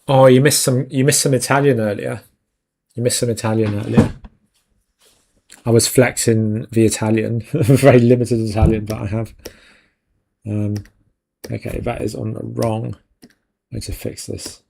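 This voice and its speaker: A man's voice: mid-range voice, flat delivery, normal speed, gravelly, long pauses, darkish tone, slight background noise. A man hosting a live stream, chatting casually and jokingly with viewers while he works, laughing often. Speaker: 3D art stream host.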